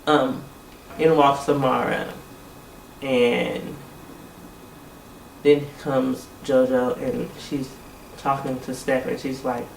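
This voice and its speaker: A man's voice: mid-range voice, little pitch movement, slow pace, vocal fry, long pauses, echoey room, distant mic, slight background noise, low-quality recording. A man giving a blunt, exasperated recap of a reality TV episode, swearing freely and talking casually.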